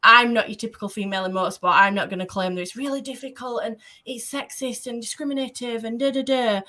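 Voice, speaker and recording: Bright, chatty woman. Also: fairly high pitch, steady tone, quick pace. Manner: enthusiastic, chatty, rambling storyteller. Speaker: guest, motorsport photographer. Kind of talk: casual podcast chat.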